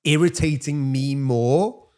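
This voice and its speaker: A man's voice: medium pitch, takes it slowly, dark tone. A man co-hosting a podcast, talking reflectively in a rambling way with many fillers. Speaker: podcast co-host. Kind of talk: casual chat.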